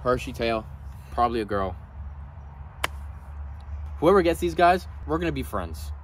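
A man hosting a casual vlog at his animal ranch, gushing with excitement and at times quietly sad. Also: mid-range voice, unhurried, a little hiss or hum. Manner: gushing, excitable, swings from loud delight to quiet sadness. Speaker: reptile breeder and channel host. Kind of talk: casual vlog talk to camera.

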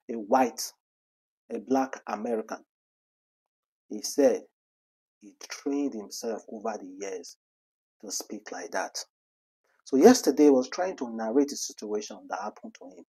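A man giving animated, scolding celebrity gossip commentary full of rhetorical questions. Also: mid-range voice, breathy edge.

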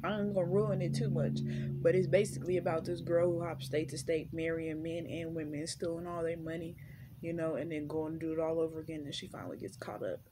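A young woman chatting casually on her vlog, rambling with lots of fillers and relaxed slang. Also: deep voice, a little fast, background noise. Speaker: vlogger.

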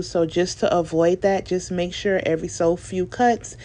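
A young woman talks through a home DIY project in a relaxed, chatty voice-over. Her voice sits a little low, and she speaks informally with plenty of fillers. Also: a little slow, hardly any pauses. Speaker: DIY video creator. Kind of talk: casual tutorial voice-over.

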